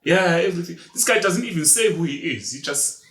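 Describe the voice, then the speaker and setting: A man's voice: a little high, very animated, fairly quick, fairly bright tone. A man with a South African accent, co-hosting a podcast, telling a story in a casual chat and acting out the voices of the people in it. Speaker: podcast co-host. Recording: echoey room.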